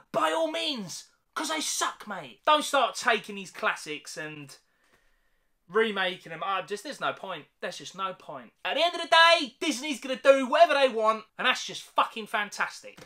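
A man's voice: high-pitched, pushed and bright. A young man angrily ranting to camera as a YouTube reaction host, swearing and calling the listener "mate". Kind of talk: angry rant to camera.

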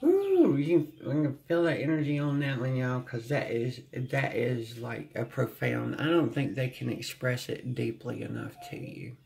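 A tarot reader giving a gentle, channeled reading to viewers, often humming and sighing and sounding close to tears. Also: mid-range voice, big pitch swings, normal speed, vocal fry, few pauses. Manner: speaks with emotion, close to tears at times.

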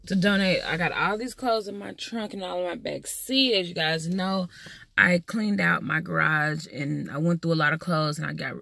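A woman's voice: lowish voice, pushed and bright, no room sound. A woman vlogging in her car on a phone, chatting straight to her viewers in a loose, swearing, casual way. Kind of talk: casual vlog chat. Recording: noisy in-car phone recording. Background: car and road noise.

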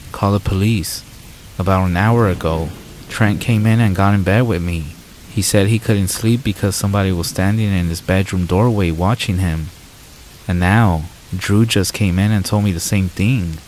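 A man's voice: low voice, moderate pace, slight background noise, close to an everyday voice, low-quality recording. A man voicing a frightened single mother. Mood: scared urgent. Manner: urgent hushed pleading.

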